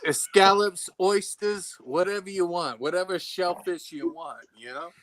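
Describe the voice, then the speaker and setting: A man's voice: sits high, a bit bright, rough recording. A man in a casual online chat, throwing in short exclamations. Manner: exclamatory, quick interjections.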